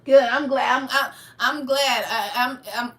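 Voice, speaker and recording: A woman's voice: sits high, fairly even intonation, a little slow, a bit bright, recorded from a distance. A woman hosting her channel with heated, preachy livestream commentary, fiery and confrontational. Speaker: channel host. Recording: echoey room, away from mic.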